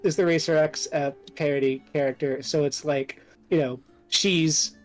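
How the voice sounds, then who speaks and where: A man's voice: a little high, normal speed, soft background music, poor audio. A man co-hosting a casual podcast while playing a game, laughing often as he tells stories. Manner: laughs often, lively storytelling. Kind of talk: casual chat over gameplay.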